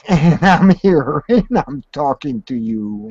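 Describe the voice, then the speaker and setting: A man's voice: medium pitch, expressive, slow, darkish tone, slightly rough, dry recording. A man hosting a casual late-night voice chat, playful and theatrical, meowing and laughing. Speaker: chat room host. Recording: dull lo-fi dry voice chat audio.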